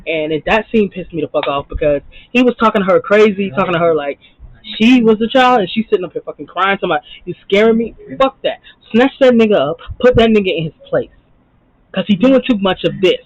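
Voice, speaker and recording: A woman's voice: mid-range voice, animated, quick pace, dry recording. A woman reacting to a TV episode, blunt and heated, swearing constantly. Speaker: TV show reactor. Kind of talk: profane casual reaction commentary. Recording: muffled lo-fi mic.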